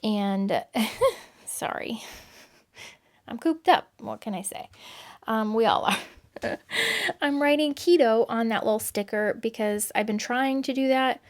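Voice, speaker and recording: A woman's voice: on the high side, a little slow, long pauses. A woman chatting casually as she sets up a planner, rambling with many fillers and little laughs, recorded at home. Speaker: planner vlogger.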